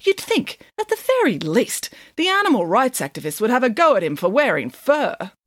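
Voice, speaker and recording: Woman reader as a brash, bossy pig nanny, emphatic and lively in pitch. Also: moderate pace, no echo, studio quality. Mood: indignant. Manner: emphatic, self-assured. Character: bossy, indignant female flying pig nanny.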